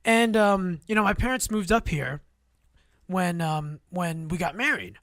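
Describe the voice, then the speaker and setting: A man co-hosting a talk show who tells rambling, animated stories with many restarts. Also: high-pitched, unhurried, dry recording, clean studio sound. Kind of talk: casual storytelling chat.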